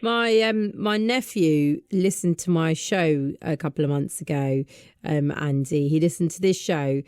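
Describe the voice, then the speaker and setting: A woman's voice: low voice, a little slow, a little mellow, smooth, no echo, studio quality. A woman hosting a radio show, chatty and encouraging as she interviews a guest. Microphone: studio microphone.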